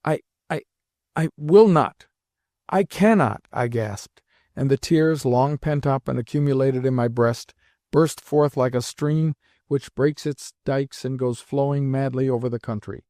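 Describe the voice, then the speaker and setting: A man narrating a classic novel as an audiobook in a measured, unhurried reading. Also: medium pitch, fairly even intonation, mellow, no echo, studio quality.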